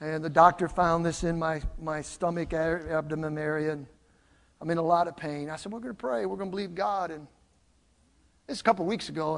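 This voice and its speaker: Animated older preacher in an echoing hall. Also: male voice, a little high. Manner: animated, swings from loud exclamations to soft asides. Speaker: pastor. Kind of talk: sermon with storytelling. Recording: long hall reverb.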